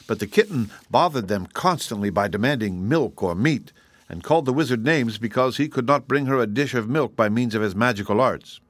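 Male narrator, steady storybook reading, dry close sound. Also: mid-range voice, brisk, no room sound. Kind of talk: audiobook narration.

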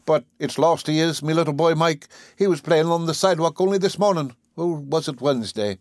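A man's voice: a little fast, dry recording, clean studio sound, lightly acted. A man doing a wailing Irish mother. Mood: distraught. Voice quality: shrill keening.

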